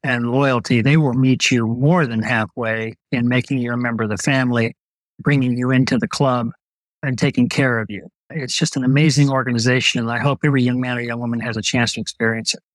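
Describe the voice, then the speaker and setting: An older man, a retired Navy doctor, telling stories as a guest in an interview, relaxed and anecdotal. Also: medium pitch, brisk, no room sound, low-quality recording. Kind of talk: storytelling in an interview.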